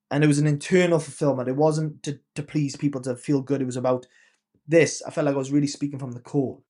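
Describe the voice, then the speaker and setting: A man's voice: a little high, a little mellow. A man in his thirties, a podcast guest and coach, casually telling a personal story and acting out the quoted dialogue.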